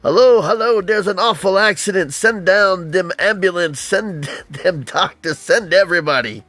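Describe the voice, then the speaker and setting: A man voicing a frantic caller on the phone, pleading for an ambulance in a high, excited voice. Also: normal speed, soft background music.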